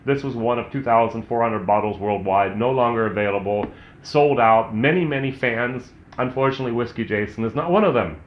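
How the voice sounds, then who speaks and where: A man's voice: mid-range voice, a little fast. An American man hosting a casual whisky tasting review, chatty and candid, thinking aloud as he tastes. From United States. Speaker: whisky reviewer, channel host. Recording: roomy, slightly dull sound.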